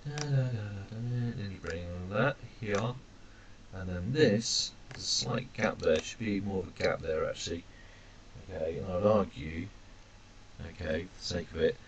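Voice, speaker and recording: Man, language teacher, chatty, low voice, faint background noise. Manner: chatty, self-deprecating, addresses "ladies and gentlemen". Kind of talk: screencast lesson, drawing characters.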